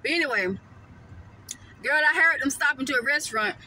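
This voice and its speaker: Woman, high bright voice, chatty vlog in a parked car, faint noise behind. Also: brisk, rough recording. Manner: chatty, addresses viewers as y'all and honey. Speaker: vlogger. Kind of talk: casual mukbang vlog chat.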